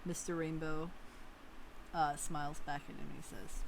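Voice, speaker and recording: A woman narrating as game master in a relaxed, hesitant way with many fillers. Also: low voice, measured pace, a little hiss or hum, poor audio.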